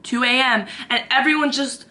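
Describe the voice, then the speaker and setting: Bright-voiced young woman telling a story. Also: high voice, normal speed. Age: 20s. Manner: animated, acts out quotes, lots of "like". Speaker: vlogger. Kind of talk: casual storytime to camera.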